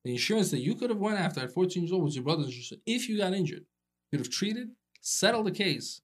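A man's voice: sits high, sing-song, fast. A man who is a personal injury attorney, explaining legal points with examples in casual podcast chat.

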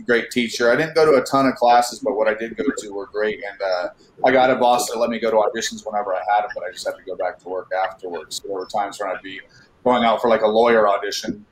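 A man's voice: on the low side, reverberant, low-quality recording. A man from Northern California, an actor telling a long story in a casual interview, rambling with many fillers and restarts.

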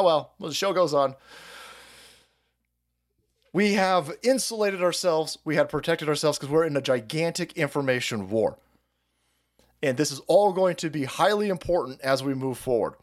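A man in his thirties hosting a stream, ranting about politics in a profane, mocking way and slipping into silly voices. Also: a little high. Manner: foul-mouthed, mocking, puts on silly voices. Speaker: podcast host.

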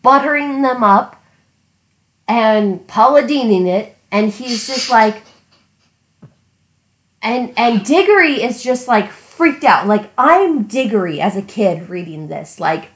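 A woman in casual book discussion, ranting animatedly and acting out what she shouted at the book. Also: fairly high pitch, slow, reverberant, poor audio. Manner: animated ranting, acting out her younger self. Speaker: podcast co-host.

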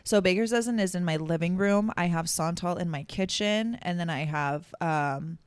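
Chatty young woman, lowish and dry. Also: normal speed, smooth, no room sound. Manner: chatty, emotional, many fillers. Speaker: podcast co-host. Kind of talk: casual chat.

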